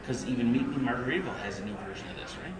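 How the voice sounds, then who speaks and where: A man's voice: mid-range voice, very fast. Podcast host: rambling self-mocking guy, echoey room, crowd noise behind. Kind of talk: casual chat.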